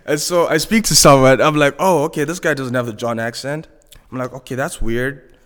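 A man's voice: mid-range voice, a little fast, fairly bright tone, big-room sound. A young man from Zimbabwe, a podcast guest telling a story in a casual, chatty way, laughing often. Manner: laid-back, laughs often, chatty slang.

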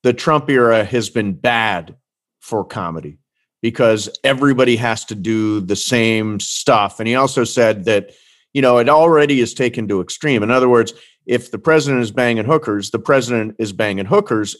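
A man's voice: medium pitch, normal speed. A man hosting a casual interview, asking questions in a conversational way.

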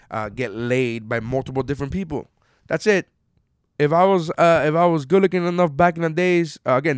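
A man in his thirties ranting casually, cursing often and swinging from low mutters to loud outbursts. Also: clear, resonant tone, dry recording, studio quality. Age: 30s. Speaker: commentator reading an article. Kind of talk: casual rant.

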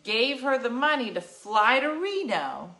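Woman putting on her daughter, slow wheedling grown woman, bright and insistent. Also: fairly high pitch, very animated, pitched above the performer's own voice, full character voice.

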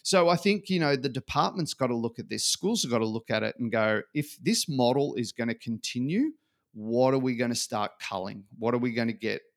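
A man's voice: medium pitch, a little fast. A man, a podcast guest chatting casually and acting out quotes as he tells stories. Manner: animated storyteller acting out quotes.

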